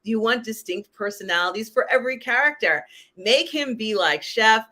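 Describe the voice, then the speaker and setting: A woman's voice: fairly high pitch, animated, moderate pace, pushed and bright. A woman hosting a casual live-stream pop culture chat, talking in a chatty way with many "um"s and "you know"s. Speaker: host.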